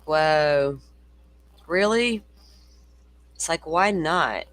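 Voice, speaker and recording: A man's voice: a little high, animated, drawn-out words, fairly bright tone. A middle-aged man hosting a casual true-crime livestream, swearing freely and reading viewer comments aloud. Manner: profane, ranting, reads viewer comments aloud.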